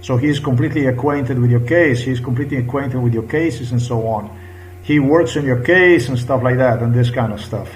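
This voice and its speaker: This vlogger, a Slovenian-speaking man from Slovenia aged in his 50s, insists emotionally on a personal matter in English, stumbling through fillers and restarts. His medium-pitched voice comes through poor audio with slight background noise.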